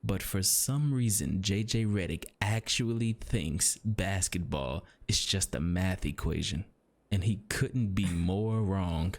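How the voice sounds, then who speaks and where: Male sports narrator, lowish voice, scripted and confident, pokes fun at his target. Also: slow pace. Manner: confident, mocking commentary. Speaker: video narrator.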